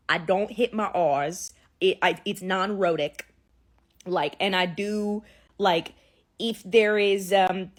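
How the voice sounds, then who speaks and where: A woman speaks in a New Orleans accent, non-rhotic and loose in the mouth. Her delivery is a chatty, unfiltered talking-head monologue full of quick asides. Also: mid-range voice. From Louisiana, USA. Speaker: content creator.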